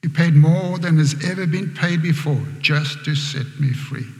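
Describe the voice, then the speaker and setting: A man preacher quoting a young enslaved woman in a soft, slightly raised voice, heard in an echoey hall. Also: on the high side, unhurried, gravelly. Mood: tearful gratitude.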